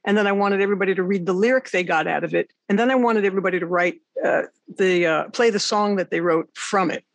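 A woman hosting an interview, a songwriter and teacher, telling animated, rambling stories in casual chat. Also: mid-range voice, quick pace, no echo.

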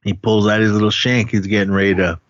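A man's voice: level tone, fast talker, no room sound, muffled recording. A man casually recapping a film's scenes on a podcast, acting out the characters' lines and laughing often. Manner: retells scenes, quoting characters in pitched-up voices, laughs often. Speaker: podcast co-host.

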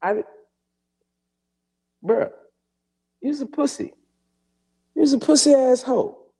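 A man hosting a podcast, telling a story in a casual, profane and animated way and acting out the dialogue. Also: extremely high pitch, slow pace, slightly rough. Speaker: podcast host.

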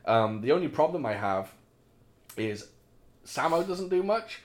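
Man, podcast co-host, lively pitch, opinionated, casual, sweary. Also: measured pace. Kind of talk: casual film discussion.

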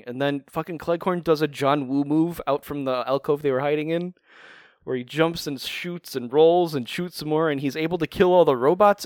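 Male podcast co-host, clear and smooth, dry close-mic sound, rambling wry delivery with casual swearing. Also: a little high, no room sound. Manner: rambling, profane, wry recap storytelling. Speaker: podcast co-host recapping a cartoon. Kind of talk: casual chat.

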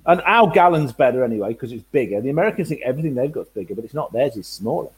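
A man co-hosting a casual chat, joking and quick with banter. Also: medium pitch, expressive, breathy edge. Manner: joking, puts on mock race commentary. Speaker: co-host.

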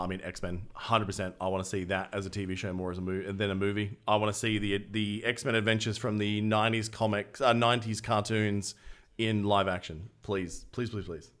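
A man's voice: fairly low pitch, a bit bright. A man with an Australian accent hosting a podcast, casually joking and reading out listener questions. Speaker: podcast host. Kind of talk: casual chat.

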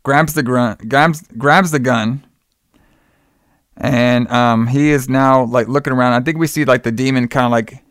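Casually retelling a film's plot, a man fills his speech with fillers and quoted lines. His medium-pitched voice is clear, resonant, and fairly bright, with a steady tone and measured pace. The recording is dry and sounds like a clean studio.

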